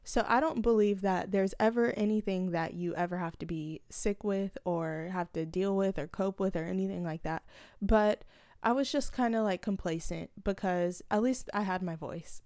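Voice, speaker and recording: A woman hosts her own podcast from a small room, speaking close to the mic. Her talk is casual and earnest, rambling along with fillers and restarts. Her voice is smooth and clear, and the recording is dry with no room sound. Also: mid-range voice, normal speed, a little mellow, no room sound. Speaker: podcast host.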